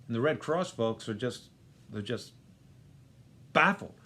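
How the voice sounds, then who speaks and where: A man hosting a show, telling a parable joke in a dramatic, drawn-out way. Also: mid-range voice, animated, pushed and bright. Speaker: host.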